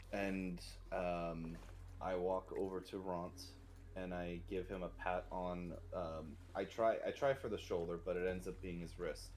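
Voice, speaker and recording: A man with a deep voice describes his character's moves at a gaming table, relaxed and full of fillers. Faint noise runs underneath. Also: measured pace. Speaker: player. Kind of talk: casual tabletop play.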